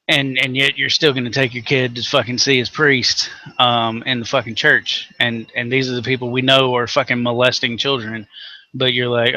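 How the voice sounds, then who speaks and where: A man's voice: medium pitch, little pitch movement, moderate pace, pushed and bright, dry recording. A man from Tennessee with a Southern accent, co-hosting a rant show and delivering angry, sarcastic, profanity-heavy commentary. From Tennessee, USA. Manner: angry, sarcastic, heavy swearing, mocking voices.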